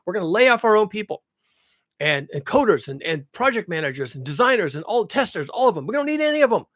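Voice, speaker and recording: A man doing a greedy corporate boss who whines and begs in a fairly high voice to be saved from his own hunger for profit. Then he gloats over the money with rising excitement. The voice is dry and close. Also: quick pace, dry recording, full character voice. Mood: greedy, gloating.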